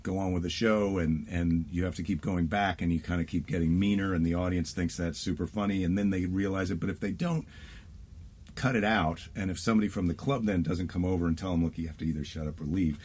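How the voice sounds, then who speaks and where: A man's voice: low-pitched, fairly even intonation, quick pace, darkish tone, husky. A man who is a stand-up comedian, chatting casually and acting out quoted lines as he tells stories. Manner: storytelling, acts out quoted lines. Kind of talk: casual chat.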